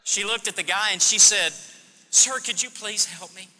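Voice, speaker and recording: A man preaching a sermon, telling a story and moving between hushed and emphatic delivery. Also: high-pitched, moderate pace, long reverb tail, rough recording.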